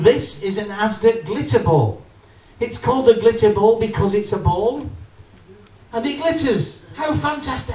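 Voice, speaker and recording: A man with a very high voice performs an animated stand-up routine at a live comedy venue, speaking straight to the audience and acting out voices. The mic is distant, capturing a roomy live sound.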